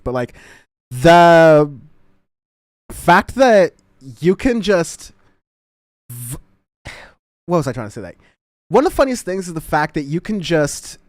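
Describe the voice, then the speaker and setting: A chatty man hosting a political talk stream, his voice a little high and smooth, recorded close and dry. He rambles, laughs and breaks off mid-thought as he goes. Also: dry recording. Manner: rambling, laughing, self-interrupting. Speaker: show host. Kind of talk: casual political commentary chat.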